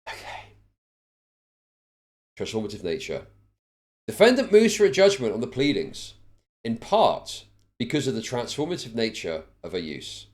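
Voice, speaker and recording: A man's voice: mid-range voice, wildly swooping pitch, normal speed, pauses often, a little mellow. A male live streamer reading a court ruling aloud, racing through the legal text and breaking off into bored, sardonic asides, recorded on a desk microphone.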